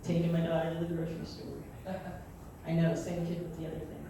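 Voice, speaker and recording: A woman in her forties doing a stand-up comedy set in a theatre, brash and lively, laughing at her own jokes. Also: deep voice, fast talker, gravelly, distant mic, noisy background. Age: 40s. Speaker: stand-up comic. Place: theatre stage. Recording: echoey hall recorded from afar, audience sounds.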